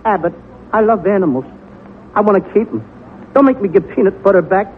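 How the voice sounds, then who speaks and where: A man plays the silly half of a 1940s radio comedy duo. His voice is very high, childlike and whiny. The sound comes from a tinny, hissy old radio broadcast. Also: lively intonation, brisk. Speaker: comedy double act partner.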